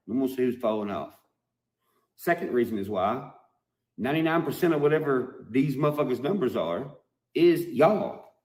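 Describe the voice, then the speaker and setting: A man's voice: mid-range voice, a little mellow. Man ranting profanely in an echoey room. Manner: mocking, heavily profane, emphatic. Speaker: musician addressing his fans. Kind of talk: profane video rant.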